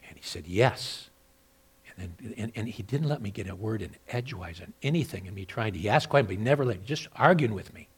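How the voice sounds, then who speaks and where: A man preaching a sermon as a pastor, moving between loud, emphatic exhortation and quieter personal storytelling with repeated words. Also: on the low side, animated, fast talker, slightly rough. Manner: repeats and restarts words when telling a story.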